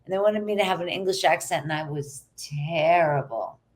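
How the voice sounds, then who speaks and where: A woman's voice: on the low side, normal speed. A middle-aged actress, a woman, chatting casually as a guest and laughing easily. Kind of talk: casual interview chat.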